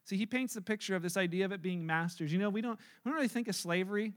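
A man preaching a sermon in church, animated and acting out everyday scenes in little voices. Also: high voice, rapid-fire. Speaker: pastor. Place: church service.

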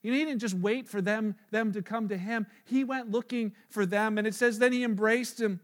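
A man's voice: high-pitched, brisk. A male pastor preaching a sermon in a casual, storytelling way with frequent fillers.

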